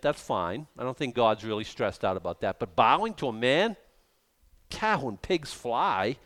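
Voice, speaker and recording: A man preaching a sermon with animated delivery, swinging between hushed and loud. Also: medium pitch, smooth.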